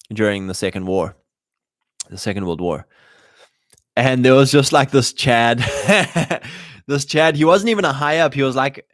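A man's voice: fairly low pitch, dry recording, clean studio sound. Rambling male livestream host. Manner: rambling, many fillers and restarts. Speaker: show host. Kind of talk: casual livestream monologue.

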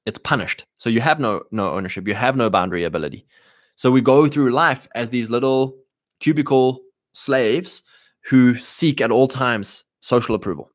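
A man hosting a casual monologue to his listeners, punchy and animated, acting out the voices he quotes. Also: mid-range voice, normal speed, dry recording, studio quality. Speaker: host.

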